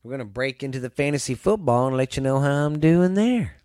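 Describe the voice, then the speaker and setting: A man's voice: mid-range voice, lively intonation, a little fast, darkish tone, no echo, clean studio sound. A man with a Southern US accent hosting a casual sports podcast, rambling loosely through his picks and swearing now and then. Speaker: podcast host.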